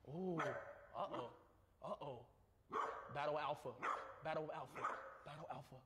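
An excitable man, a touch high in pitch, talks in quick bursts and says the same short phrases again and again. He sounds like a casual livestream, recorded in a roomy space with a long echo. Clear background noise and a barking dog sit behind him. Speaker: streamer.

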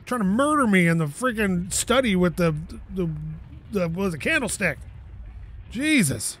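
A man giving casual gameplay commentary at home, excitable, laughing, swearing and talking to objects in the game. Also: sits high, normal speed. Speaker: gaming YouTuber.

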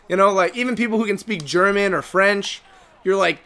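A young American man in his twenties talks casually over a game session, with a voice sitting a touch higher than most men's. He drifts from one point to the next, restarting sentences and padding them with fillers. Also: moderate pace, sharp tone. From United States. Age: 20s. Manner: rambling, many fillers and restarts. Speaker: gaming co-host. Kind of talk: casual chat over gameplay.

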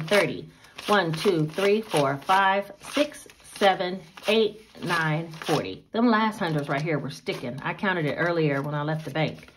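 Chatty woman budgeting cash. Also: a little hiss or hum. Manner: chatty, talks straight to viewers; counts bills aloud in a low murmur. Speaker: budgeting vlogger. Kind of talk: casual budgeting vlog, counting cash.

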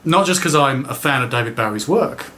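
A man's voice: mid-range voice, animated, brisk, bright, forceful tone. Sarcastic, dismissive man. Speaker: commentator. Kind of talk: critical commentary.

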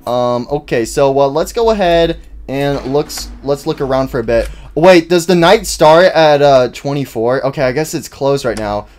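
A young man hosting a horror game let's-play, rambling and jittery, who bursts into high-pitched panicked yelling. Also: normal speed, few pauses, a little hiss or hum. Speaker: gaming channel host.

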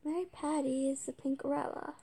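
Woman, game commentary, high-pitched, mellow dark tone, halting, whispered asides. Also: flat delivery. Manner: stumbling, hesitant, with frequent whispered asides. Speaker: let's-play gamer. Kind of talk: casual game commentary, reading game text aloud.

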